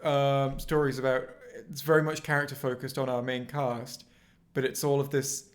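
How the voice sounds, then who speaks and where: A man's voice: mid-range voice, flat delivery, moderate pace, smooth. Rambling man chatting on a livestream. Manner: rambling, many restarts and fillers. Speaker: co-host. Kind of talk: casual livestream chat. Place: home. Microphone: headphones with mic.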